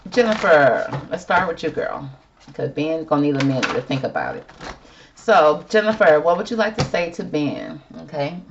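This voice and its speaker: A woman's voice: low voice, very animated, normal speed, highs cut off, background noise. A woman doing a casual tarot reading, chatty and sassy, calling viewers girl and y'all. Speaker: tarot reader.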